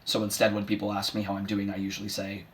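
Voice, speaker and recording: In a comedic dramatic monologue, a man plays a bitter, washed-up middle-aged male horse giving a sardonic, self-deprecating eulogy for his mother. His voice is on the low side and close to everyday speech, delivered fast and in a monotone. There's a little hiss or hum in the recording.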